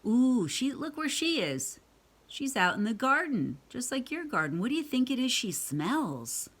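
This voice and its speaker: A woman's voice: high voice, sing-song, moderate pace, a bit bright. A woman reading a picture book aloud to children, adding chatty asides and questions for her young listeners. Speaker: read-aloud storyteller.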